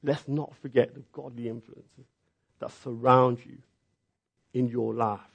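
A man preaching a sermon, telling the story with lively, acted-out reactions. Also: mid-range voice, a little slow, gravelly. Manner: animated storytelling, acting out reactions.

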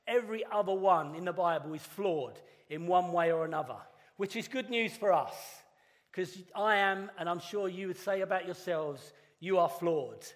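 Guy giving an easter sermon, kinda high voice, big echoey church, slows down for the dramatic bits. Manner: earnest, conversational with dramatic pauses. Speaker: pastor. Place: church hall. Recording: long reverb of a church hall.

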